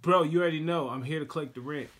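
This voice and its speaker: A man's voice: fairly high pitch, racing. A man playing a blunt, scolding police officer who is also a landlord collecting rent in a comedy skit. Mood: bossy. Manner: loud, scolding, mocking.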